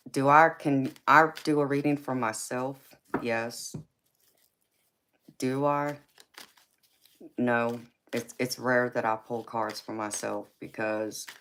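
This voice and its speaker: A woman hosting a tarot live stream with a raspy voice. She answers viewers in a casual, forthright way and calls them baby and honey. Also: extremely low pitch, a bit bright. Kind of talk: casual live-stream chat reading comments. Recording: clear background noise.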